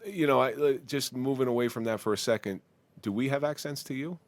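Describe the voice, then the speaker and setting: A man's voice: medium pitch, fairly quick, dry recording. A man with a New Jersey accent hosting a podcast, asking questions and teasing his guest. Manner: joking, asks questions. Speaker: podcast host. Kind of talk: casual interview chat.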